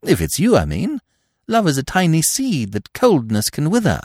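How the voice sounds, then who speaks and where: A man's voice: a little high, huge pitch swings, moderate pace, a little mellow, no echo, studio quality, pitched above the performer's own voice. A man voicing a silly, lovestruck young aristocratic man who chatters in a bumbling, chirpy upper-class way. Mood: chirpy, eager.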